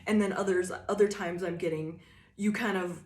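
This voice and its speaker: A woman's voice: on the low side, fairly even intonation, normal speed, a little mellow, roomy sound. A woman giving a casual tarot reading, swearing freely and rambling with lots of fillers. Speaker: tarot reader.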